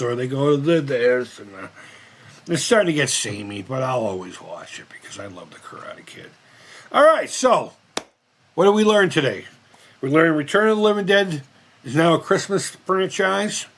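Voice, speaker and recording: A man's voice: mid-range voice, animated, normal speed, a bit bright, a little hiss or hum. A man hosting his own channel, chatting casually through reaction commentary in a rambling way and swearing freely. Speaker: host of a retro gaming and movie channel.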